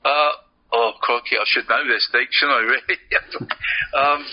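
A man's voice: medium pitch, steady tone, a little slow. A man co-hosting a casual radio sports show, jokey and a little forgetful, often calling people mate. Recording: dull radio studio sound.

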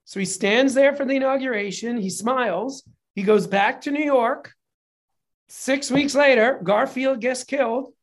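A speaker in a casual conversation, telling a history story in an animated, profane way and getting emotional at times. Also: sits high, measured pace. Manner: gets emotional while telling it. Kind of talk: casual chat.

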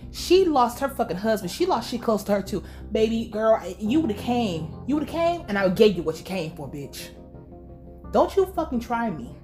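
A woman's voice: medium pitch, darkish tone. A young woman recapping a show in casual reaction commentary, with heated, profane, rambling rants.

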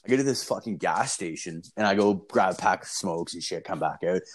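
A man's voice: sits low, brisk. A man in casual chat, telling a rambling, profane story with lots of fillers and swearing.

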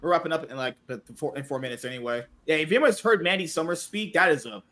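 A man's voice: on the high side, fast, sharp tone. A man hosting a podcast, chatting crudely and rambling as he wraps up the show. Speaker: podcast host. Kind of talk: casual crude podcast chat.

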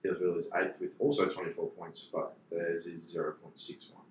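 A deep-voiced Australian man reading out stats plainly on a casual club podcast. He is heard from off-mic in an echoey room, with faint noise behind him. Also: level tone, fairly quick, recorded from a distance. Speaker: podcast co-host. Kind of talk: casual banter.

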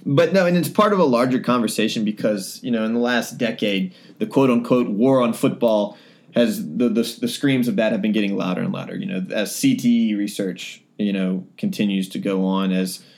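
Rambling low-voiced sports podcast host. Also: male voice, normal speed, a little mellow. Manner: rambling, many fillers and restarts. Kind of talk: casual sports podcast chat.

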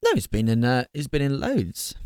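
A jokey man chats with friends. His pitch leaps up and down as he talks. The sound is close and dry. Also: wildly swooping pitch, moderate pace, a little mellow, clean tone, dry recording. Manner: playful, jokey, slips into silly voices. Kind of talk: casual chat.

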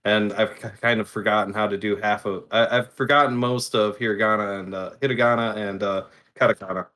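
A man's voice: fairly low pitch, fairly even intonation, fairly quick, pushed and bright. A man in casual chat, talking through his hobby steps while he works. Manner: chatty, explains hobby steps while working.

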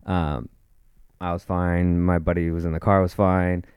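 A man's voice: sits low, level tone, normal speed, darkish tone, clear, resonant tone, dry recording, studio quality. A young man casually telling a rambling, profane story, full of fillers and restarts. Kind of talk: casual chat.

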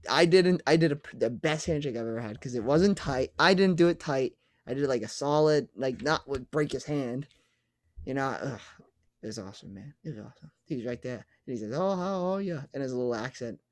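A young man, a podcast co-host, telling an excited story in casual chat and swearing now and then. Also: medium pitch, a little fast, no room sound.

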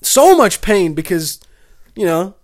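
Brief: young guy, slightly high voice, crude rambling comic monologue. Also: big pitch swings, takes it slowly. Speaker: comedic storyteller. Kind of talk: profane comedic monologue.

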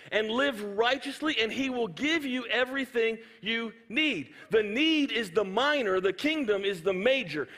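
Male pastor, high voice, lively sermon storyteller, hall echo. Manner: animated storytelling with sound effects. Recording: hall reverb.

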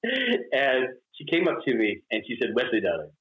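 A man's voice: medium pitch, a little slow. An older man from Mississippi, a guest telling stories in an interview, laughing often and acting out quotes. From Mississippi, US South. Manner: animated, laughing, acts out quotes. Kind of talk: storytelling interview chat. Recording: roomy, dull recording.

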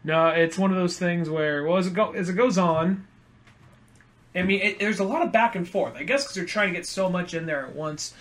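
A man co-hosting a podcast, chatting in a relaxed, joking way with some stumbles. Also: sits high, brisk. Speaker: podcast co-host. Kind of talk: casual chat.

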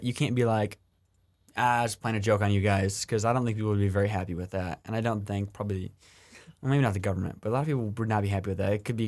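A man in casual chat who reasons things through in a quick, skeptical way. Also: on the low side, darkish tone.

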